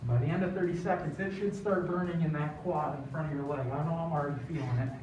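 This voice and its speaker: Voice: mid-range voice, steady tone, fast talker, music in the background. Fitness coach in an echoey room. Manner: encouraging, counts down between exercises. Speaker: fitness instructor. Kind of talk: instructional workout coaching. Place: large echoey room, broadcast workout. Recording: echoey room, distant dull mic.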